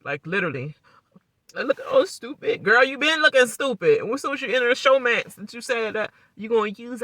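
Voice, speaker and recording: Woman vlogger, bright, bold tone, dry close sound, rambling and blunt recap delivery. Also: medium pitch, dry recording. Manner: rambling, animated, quick to laugh and mimic; blunt, salty language. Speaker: YouTube reality TV reactor. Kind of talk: casual reaction recap.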